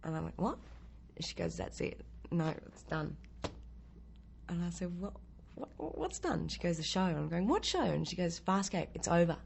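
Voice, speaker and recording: Low, gravelly actress telling a story. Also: female voice, normal speed, slight background noise. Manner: lively storyteller acting out quoted lines. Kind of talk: interview anecdote.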